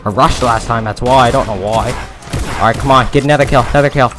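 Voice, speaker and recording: A young man commentating his own gameplay, cursing and shouting in bursts, close to the mic. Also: medium pitch, fast. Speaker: gaming video creator. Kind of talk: profane live gameplay commentary. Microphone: close mic, breathing into it. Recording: game music playing behind.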